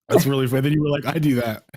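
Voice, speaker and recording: A man's voice: mid-range voice, slight background noise. A man telling stories in a casual online group voice chat, laughing often and acting out what others said. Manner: laughing, animated storytelling. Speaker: discussion participant. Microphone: online audio call.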